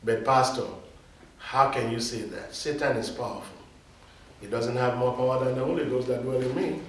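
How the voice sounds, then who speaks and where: A man's voice: medium pitch, moderate pace. Man, pastor, emphatic call-and-response sermon, distant mic, very echoey hall, faint hiss. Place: church.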